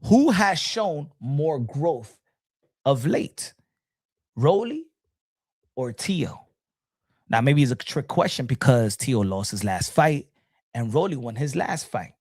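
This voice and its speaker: A middle-aged man hosting a casual boxing talk show, animated and repetitive, talking straight to his viewers in the chat. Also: mid-range voice, slow, pauses often, slightly rough, no echo, clean studio sound. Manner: animated, repeats himself, addresses folks in the chat.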